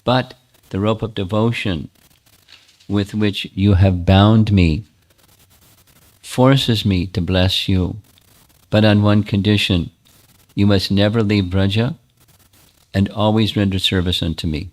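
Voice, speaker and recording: A man's voice: on the low side, fairly even intonation, slow pace, long pauses, a little mellow. Man voicing a solemn goddess deity. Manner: solemn, formal.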